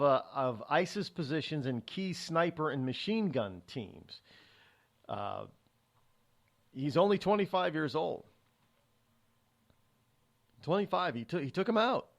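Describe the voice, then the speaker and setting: A man hosting a talk show, commenting on a news story in a loose, halting way full of restarts and asides. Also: fairly high pitch, animated, creaky. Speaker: radio show host. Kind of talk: rambling solo commentary on news.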